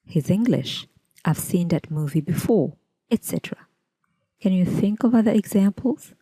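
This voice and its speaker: Low, mellow-voiced woman teaching English. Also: dry recording. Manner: measured, deliberate, enunciating example words slowly. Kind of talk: scripted lesson narration.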